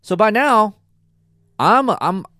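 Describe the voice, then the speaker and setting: A middle-aged man hosting a podcast, telling a rambling racing story in a casual, animated way and acting out the dialogue. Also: sits high, slow, no room sound, studio quality. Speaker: podcast host and racing dad.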